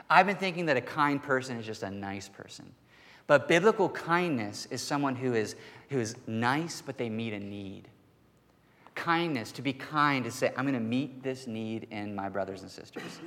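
A man preaching a sermon as pastor, earnest and emphatic, slowing down to stress key words. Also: medium pitch, fairly bright tone. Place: church hall. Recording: long reverb of a church hall.

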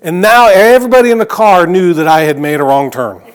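A middle-aged male pastor preaching a sermon, telling stories in a conversational way and dropping to a hush on key phrases. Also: sits high, animated, a little fast, smooth.

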